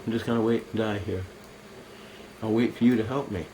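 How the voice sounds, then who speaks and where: A man's voice: fairly low pitch, steady tone, brisk, warm tone, slight background noise, rough recording. An older man, a military veteran, delivering a bitter, accusing monologue to a camera at home, cursing and swearing.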